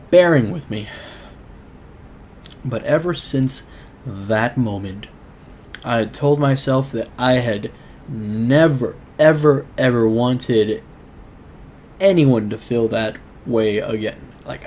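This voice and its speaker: A man's voice: medium pitch, darkish tone, slight background noise. Earnest young man rambling through a story. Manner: rambling, filler-heavy, earnest. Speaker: show host. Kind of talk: casual storytelling vlog.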